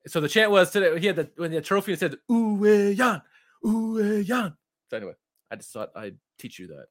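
A man's voice: on the high side, big pitch swings, quick pace, fairly bright tone, no echo, clean studio sound. A man co-hosting a football podcast, talking loosely and correcting himself as he goes. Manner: rambling, self-correcting, loose. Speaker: podcast co-host. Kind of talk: casual football podcast chat.

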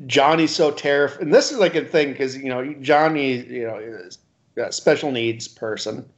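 A man co-hosting a casual podcast chat sounds hesitant, using many fillers and chuckling often. His voice is medium-pitched at a normal speed, and the podcast audio is dull and lo-fi.

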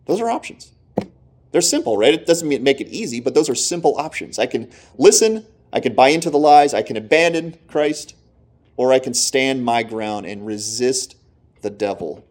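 A man's voice: mid-range voice, expressive, moderate pace, darkish tone. A man preaching a sermon in an earnest manner, often checking in with his listeners.

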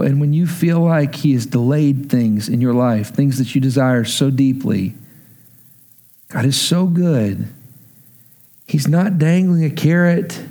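A man preaching earnestly as pastor, then leading a prayer and an altar call. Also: warm tone. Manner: earnest, emotional, rising in pitch as he pleads.

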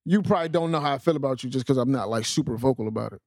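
A man in his thirties co-hosting a casual podcast chat, laid-back and profane, talking in quick bursts with restarts. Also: medium pitch, no room sound, clean studio sound. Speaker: podcast co-host.

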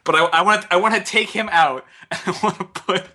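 A young man chatting as a podcast co-host, his voice very bright and ringing. He jokes around and breaks into laughter often, keeping things loose and casual. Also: high-pitched, fairly quick, slightly rough. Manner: laughs often, animated and joking. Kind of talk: casual chat.

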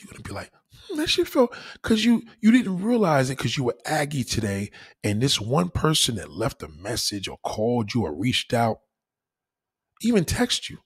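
A man on his own channel, giving casual advice in an animated, preachy way, swearing freely. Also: medium pitch, moderate pace, husky. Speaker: YouTuber.

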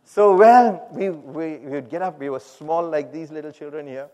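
A man telling his personal testimony to a congregation, animated, acting out the people he quotes and laughing at himself. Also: on the high side, moderate pace. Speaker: speaker giving a personal testimony. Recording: long hall reverb.

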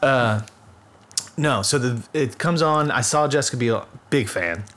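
A man in casual chat, animatedly retelling a film with crude jokes, laughing and shouting at times. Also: medium pitch, a little slow.

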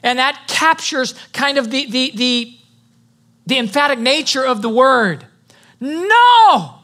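A high-pitched, bright-toned pastor preaching with punch and rhythm. The voice rises on declarations, calls for the congregation's response, then reads scripture aloud. It eases into a softer, lower register for personal reflection. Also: unhurried. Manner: emphatic preaching with call-and-response. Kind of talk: sermon.

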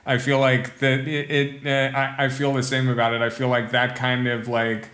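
A man speaks as a podcast guest in a relaxed, thoughtful way, pausing often to search for the right words. His voice stays fairly level with little melody. It sounds roomy and echoey, as though he is recorded in an open room. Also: mid-range voice. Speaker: guest musician. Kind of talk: casual podcast conversation.

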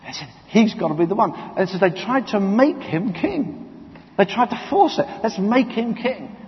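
Preacher in a reverberant hall. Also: male voice, sits high, moderate pace. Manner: animated storytelling, acting out voices and quotes. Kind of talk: sermon. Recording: dull sound, long hall reverb.

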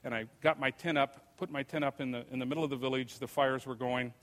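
An older man lectures in an easy, conversational storytelling manner. His voice sits in a middle pitch, neither high nor low. Long reverb from a lecture hall trails behind his words. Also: fairly even intonation, fast talker, a bit bright. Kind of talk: anecdotal lecture.

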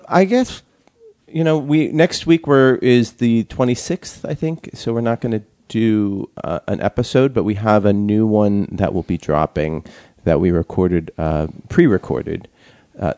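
A man hosting a casual podcast, talking in a rambling, halting way with many fillers. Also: fairly low pitch, mellow, no echo, clean studio sound. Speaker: podcast host.

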